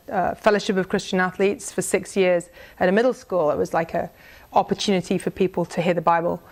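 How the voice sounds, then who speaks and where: Earnest middle-aged woman telling a testimony. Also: lowish voice. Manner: conversational, earnest, with many restarts and reading aloud a prayer. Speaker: speaker sharing a mission testimony. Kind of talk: personal testimony talk to a church group.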